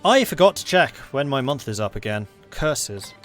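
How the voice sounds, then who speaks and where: A man's voice: medium pitch, sing-song, normal speed, a bit bright, soft background music. A man casually commenting as he plays a strategy game, thinking aloud. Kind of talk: gameplay commentary.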